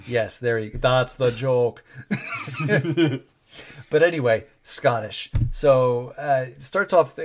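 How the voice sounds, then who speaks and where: A man's voice: mid-range voice, slow, slight background noise. A man co-hosting a podcast in casual chat, rambling with wry asides and frequent restarts. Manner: rambling, wry, self-interrupting. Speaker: podcast co-host.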